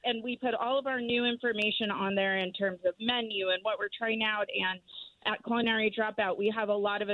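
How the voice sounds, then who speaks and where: A woman's voice: mid-range voice, steady tone, brisk, no room sound. A woman marketing executive as a radio guest, talking in a friendly, promotional way. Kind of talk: radio interview. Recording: tinny phone line.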